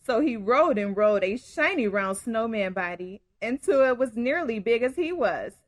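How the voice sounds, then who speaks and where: A woman storyteller reading a picture book aloud to children in an expressive, engaging way. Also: on the high side, moderate pace, no room sound. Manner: warm, expressive, addresses kids directly.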